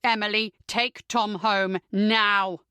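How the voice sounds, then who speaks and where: A woman's voice: mid-range voice, steady tone, slow, bright, forceful tone, clean tone, dry recording, clean studio sound. A woman voicing an angry young man who gives curt, snarling orders in an audiobook. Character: furious young man, commanding and harsh.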